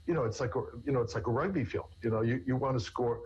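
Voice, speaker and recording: A man's voice: mid-range voice, fast, a little mellow, husky, highs cut off. A man, a therapist, explaining in conversation with everyday examples in an earnest way. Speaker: therapist guest. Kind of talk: conversational interview answers.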